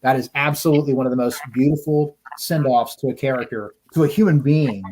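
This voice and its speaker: A man's voice: medium pitch, fairly quick, darkish tone, slight background noise, low-quality recording. A man chatting casually as a podcast co-host, gushing and emotional, often stammering and restarting his sentences. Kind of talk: casual enthusiastic chat.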